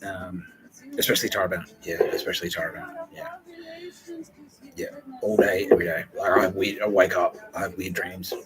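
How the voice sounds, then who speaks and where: A man in casual podcast chat, rambling and earnest, with many fillers, often dropping to a hushed mutter. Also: deep voice, big pitch swings, a little fast, very noisy. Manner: rambling, meandering, heavy on fillers.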